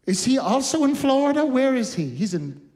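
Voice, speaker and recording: High-voiced man telling campy stage stories. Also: sing-song, normal speed, a little mellow. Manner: chatty, campy storytelling with frequent laughs. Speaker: cabaret singer and host. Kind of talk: live cabaret stage patter. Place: recording studio, live stream.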